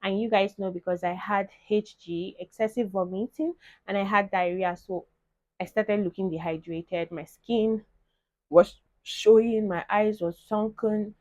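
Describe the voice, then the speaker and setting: A woman's voice: medium pitch, steady tone, unhurried, a little mellow, no room sound. A young woman, chatting animatedly to her viewers in a casual vlog. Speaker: vlogger. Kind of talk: casual chat to camera.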